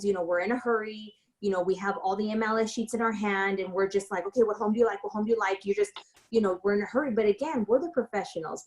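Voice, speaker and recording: A woman's voice: mid-range voice, a little mellow, poor audio. A woman real estate broker giving a casual tutorial, telling stories in a chatty way full of fillers and restarts.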